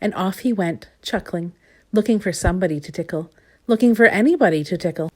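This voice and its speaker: A woman reading a children's storybook aloud, gentle and expressive, lingering on repeated words. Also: on the low side, fairly quick.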